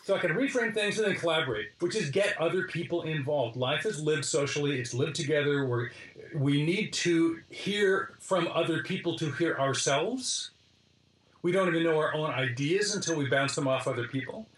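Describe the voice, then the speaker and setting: A middle-aged man, a design lecturer as interview guest, telling stories in a lively way with frequent restarts and list-like summaries. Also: fairly high pitch, moderate pace. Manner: lively, restarts phrases, summarizes points in lists. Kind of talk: animated interview storytelling. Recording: roomy, from a distance.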